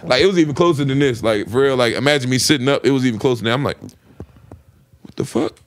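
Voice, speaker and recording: A young man in casual podcast chat, telling a story in an animated way and acting out his own reactions. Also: mid-range voice, racing.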